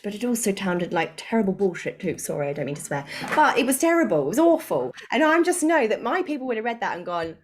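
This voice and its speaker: A woman's voice: on the high side, big pitch swings, a little fast, few pauses. A woman running a live business training webinar from a home spare room, talking in a chatty, informal way and laughing often. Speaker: online business coach.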